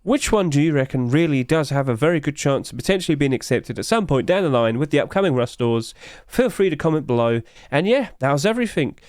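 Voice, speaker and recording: Male YouTuber, higher-pitched, smooth clear voice, rushed and breathless, dry close sound. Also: animated, darkish tone, dry recording. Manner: hurried, rapid-fire delivery. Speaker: YouTube host. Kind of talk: casual game skin review commentary.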